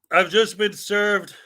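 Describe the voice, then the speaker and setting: Male streamer, high and bright, jokey casual delivery, faint guitar bed. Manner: joking, laughs often, reads mock legal paperwork aloud. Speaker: live stream host. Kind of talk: casual live stream chat.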